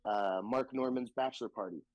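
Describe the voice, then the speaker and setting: This is a stand-up comedian from the American South swapping stories on a casual podcast, energetic and full of profanity, and he keeps slipping into impressions of other people. He speaks at medium pitch and fairly quickly. The sound is dry, with low recording quality.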